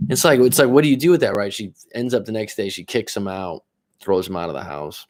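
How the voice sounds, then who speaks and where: Male coach, lowish voice, swears freely, rambles through an anecdote for a live stream. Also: fast talker. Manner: rambling, profane, self-interrupting. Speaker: life coach. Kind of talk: casual storytelling on a live stream.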